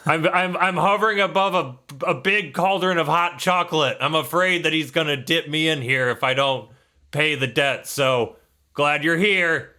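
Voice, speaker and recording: A man's voice: on the high side, normal speed, sharp tone, pitched above the performer's own voice. A man doing a nervous captive friend. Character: nervous captured young man.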